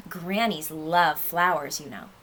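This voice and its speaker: A woman's voice: deep voice, slow pace, fairly bright tone, voice pushed down, heavily acted. A woman reading a storybook aloud, voicing a sly, greedy male wolf with oily, charming manners. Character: sly smooth-talking male wolf, greedy and pleased with himself.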